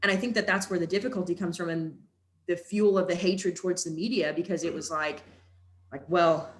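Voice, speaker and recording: A young Texan woman who works as a sports reporter talks frankly as a guest on a podcast, in a casual conversational interview. She's animated and uses "like" a lot, with a lowish voice and a slightly fast delivery.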